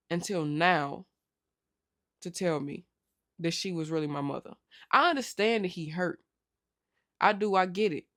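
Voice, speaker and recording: A woman hosting a casual TV recap vlog, telling the episode in lively slang and acting out the characters' lines. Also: on the low side.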